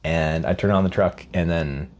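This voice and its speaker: A man from Scotland talking about his upbringing in a casual podcast conversation, reflective and unhurried as he tells his story. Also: low-pitched, fairly even intonation, darkish tone. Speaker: podcast co-host and guest.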